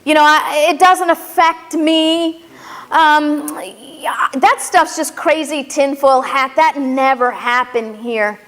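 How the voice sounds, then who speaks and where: A shrugging, hesitant neighbor, as a woman puts him on, waving off bad news with a high, wavering voice. The words echo in a big reverberant hall. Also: steady tone, takes it slowly, fairly bright tone. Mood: dismissive. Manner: hesitant, dismissive.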